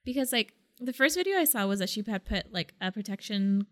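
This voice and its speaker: A woman's voice: mid-range voice, brisk. Podcast co-host, a woman who tells stories animatedly and swears freely. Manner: animated storyteller, swears casually. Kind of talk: casual chat.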